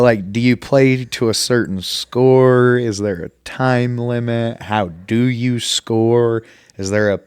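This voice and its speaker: A laid-back man co-hosting a casual podcast, self-deprecating as he asks questions. His voice sits a little low and sounds smooth and clear, recorded dry and close. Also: darkish tone, no room sound. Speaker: podcast co-host. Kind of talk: casual chat.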